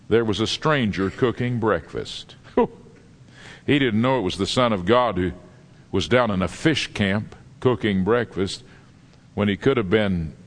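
A man preaching a sermon, telling stories with dramatic pauses in a lively, emphatic way. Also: medium pitch. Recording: long reverb of a large hall.

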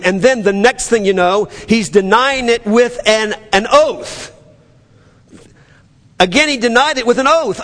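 Man, New Orleans accent, pastor sermon, animated, stammering restarts, reverberant hall. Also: extremely high pitch, a little slow. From New Orleans area. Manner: animated, acts out scripture dialogue, stammers restarts.

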